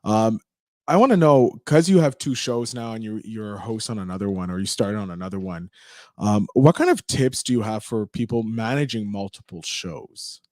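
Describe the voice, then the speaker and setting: A man's voice: fairly low pitch, normal speed, darkish tone, no room sound, studio quality. A man hosting a podcast who interviews a guest in an upbeat, encouraging way over a video call. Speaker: podcast host.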